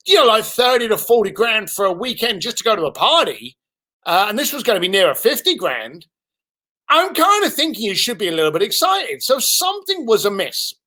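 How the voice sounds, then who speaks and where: High, lively male storyteller. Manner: acts out both sides of phone calls. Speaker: speaker telling a business story. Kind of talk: animated storytelling.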